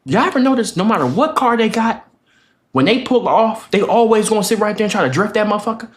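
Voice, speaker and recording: Young man, high voice with big pitch swings, profane storyteller, story-time vlog. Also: expressive, quick pace. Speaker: vlogger.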